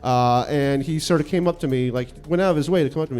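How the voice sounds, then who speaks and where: A man's voice: a little high, fast talker, few pauses, darkish tone, faint music behind. A man in his thirties from New York City, a comedian telling a profane, self-mocking personal story and acting out the quotes.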